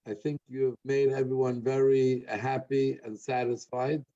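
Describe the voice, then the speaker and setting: An earnest rabbi closes an evening talk with a halting, filler-filled telling of a story. His voice is dark and mellow. The recording sounds dull and muffled. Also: medium pitch, little pitch movement. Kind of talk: closing remarks and a told joke at a talk.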